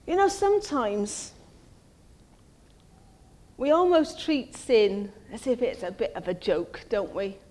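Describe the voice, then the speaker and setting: A woman delivers a sermon in a friendly, conversational manner. Her voice sits high and she speaks at a measured, unhurried pace. She often turns her points into rhetorical tag questions. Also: expressive, darkish tone. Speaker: preacher.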